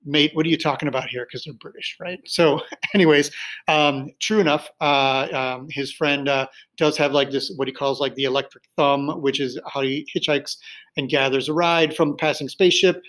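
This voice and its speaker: A man's voice: a little high, fairly even intonation, moderate pace, a bit bright, poor audio. A male teacher casually recommending books to his students, rambling loosely with many fillers and restarts.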